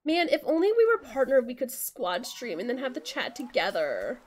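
A young adult woman chatting casually while streaming a co-op game, excitable, swearing and tripping over her words. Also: sits high, moderate pace. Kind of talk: casual co-op gaming chat.

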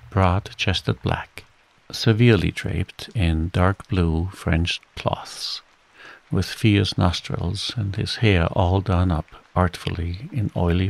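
A soft-spoken man reads a bedtime story in a calm, measured way. His voice sits very low and takes its time. There is a husky, gravelly grain to it. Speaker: audiobook narrator.

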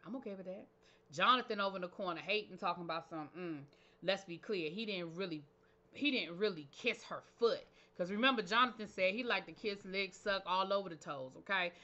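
Fairly quick and forceful, in a bright, medium-pitched voice with its highs cut off, this channel host breaks down a reality show episode. She's a TV show reviewer, casual and opinionated, tossing in slangy asides.

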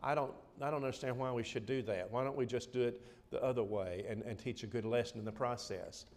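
A man's voice: medium pitch, fairly quick, a little mellow. A middle-aged man preaching a sermon in a lecture hall, earnest and emphatic, often repeating words as he stresses a point.

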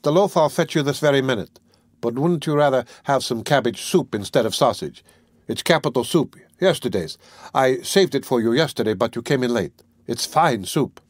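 A man's voice: lively intonation, moderate pace, no room sound, lightly acted. A male audiobook narrator voicing a talkative, cheerful peasant servant woman in a raised, teasing voice. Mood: chatty. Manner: chatty, teasing, higher-pitched.

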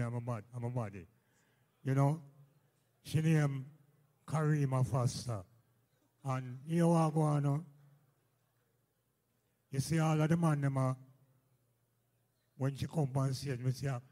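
A man's voice: mid-range voice, dark tone. A man with a Jamaican accent joking with a live crowd from the stage in loose patois. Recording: echoey live hall.

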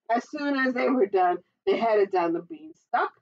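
A woman reads a picture book aloud for children, stopping for friendly chatty asides. Her voice sits fairly high and rises and falls a lot, on a dull lo-fi recording. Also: moderate pace, far from the mic. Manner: animated reading with chatty asides. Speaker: children's librarian. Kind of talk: children's storytime reading.

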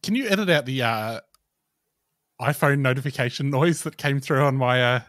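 Male co-host, mid pitch, wry quick quips, dry close mic. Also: lively intonation, fairly bright tone, no room sound. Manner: quick, joking asides. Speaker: podcast co-host. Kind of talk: casual chat.

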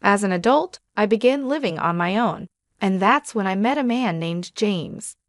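Woman reading out a story, steady and even, dry close mic. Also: medium pitch, normal speed, dry recording. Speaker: story narrator. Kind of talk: scripted first-person narration.

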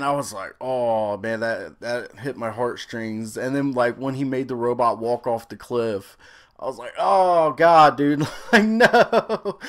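A young adult man giving a casual, rambling review of a series, excitable and swearing freely. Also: medium pitch.

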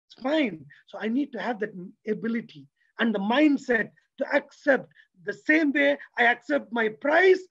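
A man giving a motivational religious talk, lively and preacherly, who keeps asking his audience rhetorical questions. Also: extremely high pitch, moderate pace, creaky, husky, dull audio. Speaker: lecturer.

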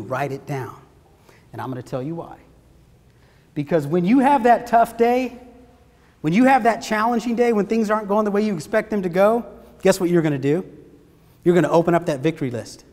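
A man with a strikingly high voice delivers a motivational seminar, his pitch leaping up and down as he speaks. He talks with energy and throws questions out to the room. A long reverb trails every word. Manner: energetic, asks the audience questions.

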